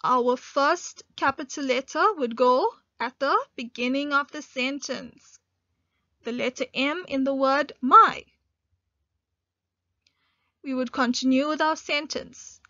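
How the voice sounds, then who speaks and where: A woman teaching an online grade one English lesson, speaking slowly and clearly and stressing key words. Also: high voice, pushed and bright, no room sound. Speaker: primary school teacher. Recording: dull lo-fi dry recording.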